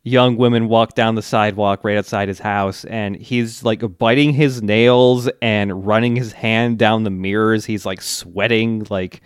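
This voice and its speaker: A man's voice: fairly low pitch, steady tone, unhurried, few pauses, clean tone, no room sound, studio quality. A man co-hosting a casual podcast, recapping an anime in a laid-back way, laughing often and leaning on loose fillers. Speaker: podcast co-host.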